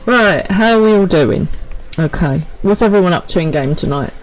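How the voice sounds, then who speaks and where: A woman's voice: on the low side, low-quality recording. A woman chatting casually to viewers while streaming a game. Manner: chatty, quick asides with laughs. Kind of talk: casual live-stream chat. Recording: faint game music behind.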